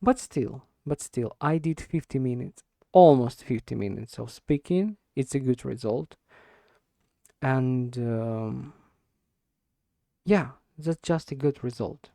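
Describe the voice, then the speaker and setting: A man practicing spoken English in an unscripted monologue, talking slowly and hesitantly, repeating and restarting words as he searches for them. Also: medium pitch, creaky, dark tone, dry recording, studio quality. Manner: deliberately slow with stressed words. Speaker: English learner recording speaking practice.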